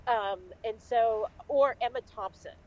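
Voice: medium pitch, unhurried, lo-fi sound, slight background noise. A co-host of a podcast, chatting casually and easily amused. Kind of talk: casual chat.

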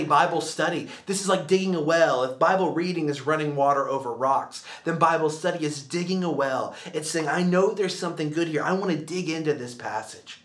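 A man pastor preaching a sermon in an earnest, repetitive cadence, dropping to a hushed voice for prayers. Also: mid-range voice, reverberant.

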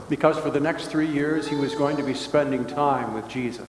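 An older pastor preaches a sermon in a folksy, conversational way, his voice sitting on the high side at a normal speed. It was recorded in a church sanctuary, and the hall sounds echoey.

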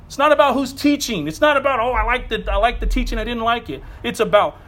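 A man's voice: extremely high pitch, fast, a bit bright. A middle-aged male pastor preaching a sermon in a fired-up, conversational way with casual asides.

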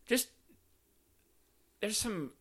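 A man co-hosting a podcast in casual chat, relaxed, laughing often and trailing off mid-thought. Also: drawn-out words. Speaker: podcast co-host.

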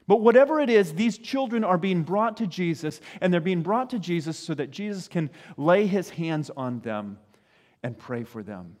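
This pastor's voice sits high and is a little mellow, with lively intonation and a moderate pace, trailed by long reverb. His sermon feels like a conversation, full of "right?" asides and brief impressions of parents and children.

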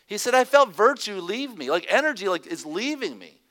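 A male pastor with a high-sitting voice preaches a sermon briskly and animatedly, sometimes dropping to a hushed, near-whispered tone.

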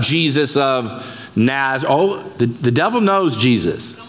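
A man pastor preaching a sermon, lively and emphatic, breaking scripture down word by word. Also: medium pitch, a little slow. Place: church sanctuary. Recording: long reverb of a church hall.

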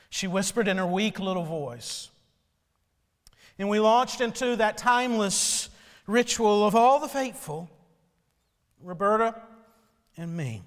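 A male pastor delivering a sermon, telling a story slowly and solemnly. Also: sits high, lively intonation, big-room sound.

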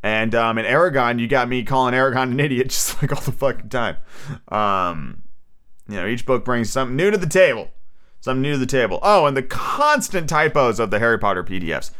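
A man's voice: medium pitch, very animated, fairly quick, a bit bright, smooth. A man hosting a podcast, reading a novel aloud and breaking off into rambling, casual commentary. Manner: rambling, self-correcting asides.

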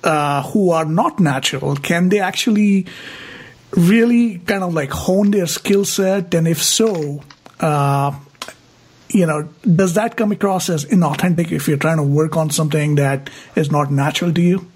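Husky-voiced man hosting an interview. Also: on the high side, measured pace, a little mellow. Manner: thoughtful, summarizing, many fillers. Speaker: podcast host. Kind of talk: interview questions.

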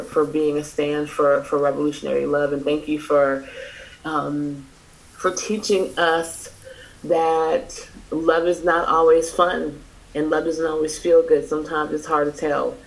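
A woman moderating a question session on a video call, emotional and halting as she speaks. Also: sits low, little pitch movement, gravelly, rough recording. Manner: emotional, halting, many restarts. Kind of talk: hosting a Q&A.

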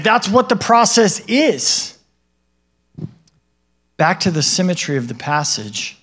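A man preaching a sermon in a conversational way, often checking in with listeners and acting out the people in the stories. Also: on the high side. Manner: conversational, asks the listeners questions and tags lines with "right?"; acts out what God and other people say in a livelier voice. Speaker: pastor.

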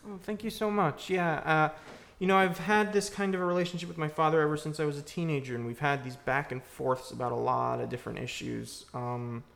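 Gravelly man fielding audience questions. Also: a little high, fairly even intonation, fairly quick, hardly any pauses, fairly bright tone. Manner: reflective, searching for words. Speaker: filmmaker answering audience questions. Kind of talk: casual Q&A after a screening. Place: church used for a screening.

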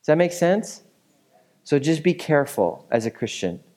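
A man's voice: a little high, sing-song, moderate pace, darkish tone. A male pastor delivering a sermon in an easygoing, conversational manner. He explains the passage with frequent asides and checks in with his listeners, never stiff or formal. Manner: casual, conversational teaching with fillers and asides.

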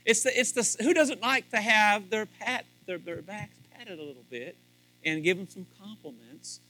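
A man in a high, bright voice gives a joking, folksy talk on marriage to a live audience, often restarting his sentences. Soft guitar music plays faintly under him. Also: moderate pace, rough recording. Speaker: church speaker on marriage. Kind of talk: humorous sermon to a live audience.

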